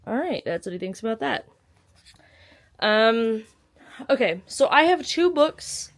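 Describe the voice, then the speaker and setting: A woman's voice: fairly high pitch, big pitch swings, measured pace. A young woman chatting casually in a book vlog, bubbly and giggly. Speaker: book vlogger.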